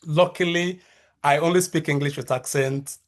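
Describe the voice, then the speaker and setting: A man in his thirties with a Nigerian accent, a researcher and lecturer giving a measured conference talk over a video call, with frequent fillers and restarts. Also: on the high side, fairly even intonation.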